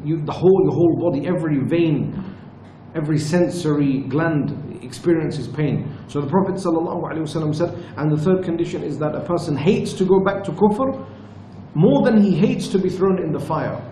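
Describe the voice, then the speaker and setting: A man giving a religious lesson at a retreat, telling stories in an earnest, measured way. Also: fairly high pitch, mellow, slight background noise. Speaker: religious teacher. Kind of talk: storytelling lecture. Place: retreat lecture room. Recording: echoey room with faint ambience.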